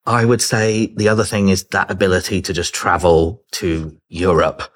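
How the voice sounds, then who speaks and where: Low, husky-voiced man chatting. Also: little pitch movement, normal speed. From Britain. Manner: chatty, laughs easily, acts out remembered dialogue. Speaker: guest. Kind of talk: casual podcast conversation.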